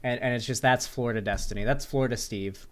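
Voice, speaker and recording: A man streams and talks straight to his chat in loose, rambling sentences. He is sarcastic and swears freely. His voice sits at an ordinary middle pitch for a man. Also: fast talker, fairly bright tone. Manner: answers viewer chat questions aloud. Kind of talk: casual livestream chat.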